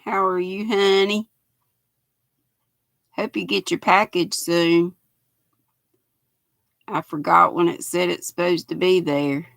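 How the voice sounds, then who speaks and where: Older woman in her sixties, Southern US accent, raspy, folksy livestream chatter, bright tone, dry close sound. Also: on the low side, steady tone, takes it slowly, pauses often, no room sound. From United States. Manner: chatty, folksy, reads viewer comments aloud. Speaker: knitting livestream host. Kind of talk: casual livestream chat. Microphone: built-in laptop mic.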